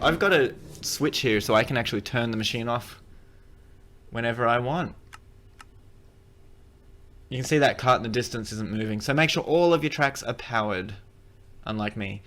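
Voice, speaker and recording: A man's voice: medium pitch, moderate pace, a bit bright, faint music behind. A man giving a casual, rambling game tutorial, cracking jokes and correcting himself as he plays. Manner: rambling, joking, self-correcting. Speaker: gaming video creator.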